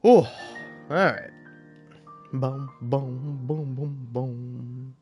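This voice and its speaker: A man's voice: mid-range voice, steady tone, very slow, a little mellow, faint music behind. A man streaming, ranting in a profane, stammering way.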